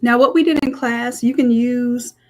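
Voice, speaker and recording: A woman's voice: a little high, steady tone, moderate pace, a little mellow. A woman, walking viewers through a live design tutorial in a chatty way. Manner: chatty, says "y'all", talks viewers through steps. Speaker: design instructor. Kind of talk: live screen-share tutorial.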